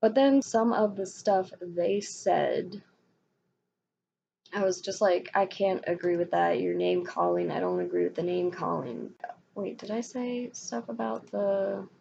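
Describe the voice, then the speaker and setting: A young woman talks through a frustrated rant in a casual vlog, her lowish voice full of vocal fry. She rambles and restarts her thoughts often. The recording is dull and lo-fi, with a faint hiss behind her. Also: unhurried, dark tone. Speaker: vlogger. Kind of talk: casual ranting monologue. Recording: dull lo-fi sound with faint noise.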